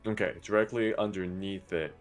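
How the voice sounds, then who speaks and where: A man running a tabletop game as game master, talking in a relaxed, hesitant way with lots of fillers. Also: sits low, normal speed. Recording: faint music behind.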